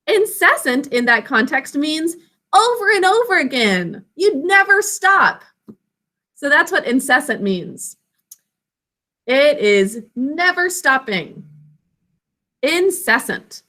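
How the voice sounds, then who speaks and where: High, bright-voiced woman teaching phonics. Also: lively intonation. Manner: slow, drawn-out enunciation of words and sounds; call-and-response prompting. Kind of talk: phonics and spelling lesson.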